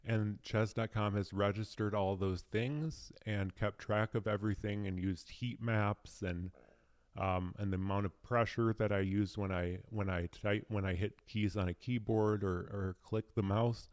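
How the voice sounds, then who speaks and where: A man's voice: fairly low pitch, fairly even intonation, unhurried, darkish tone, dry recording, clean studio sound. A young man, a speed chess player, talking in a casual unscripted monologue, telling stories in a rambling, hesitant way that circles back on itself.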